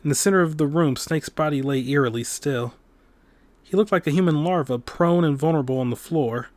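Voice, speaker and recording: Pria membacakan novel visual. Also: male voice, fairly high pitch, brisk, darkish tone, slight background noise. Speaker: let's play host. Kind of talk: reading a visual novel aloud.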